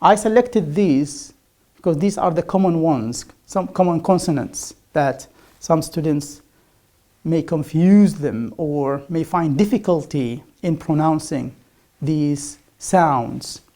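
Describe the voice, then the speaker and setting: A woman whose first language is Arabic teaches English pronunciation in an online lecture. She drills the sounds slowly and repeats each one aloud. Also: low voice, mellow. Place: remote class, speaking to a camera.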